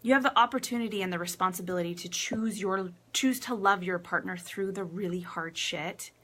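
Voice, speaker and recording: A woman relationship coach telling a personal story to camera in a casual, animated way, acting out quotes and getting emotional. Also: fairly low pitch, brisk. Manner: laughs often, emotional.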